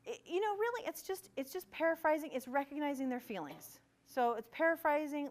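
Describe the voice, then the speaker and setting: A woman's voice: sits high, big pitch swings, a little fast. A middle-aged woman presenting a parent workshop in a conversational way, acting out bits of dialogue. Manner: conversational, acts out quoted dialogue. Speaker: gifted education administrator presenting to parents. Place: school meeting room.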